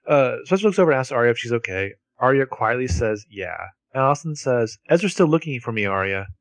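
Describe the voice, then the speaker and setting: A man co-hosting a podcast, recapping a TV episode scene by scene as an animated storyteller. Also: mid-range voice, quick pace, no echo. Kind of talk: casual chat.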